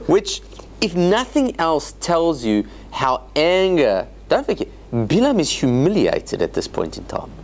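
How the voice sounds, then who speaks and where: A man teaching a Torah study class as a rabbi, explaining scripture in an animated way with joking asides. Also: fairly high pitch, a little slow. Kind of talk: informal Bible lecture.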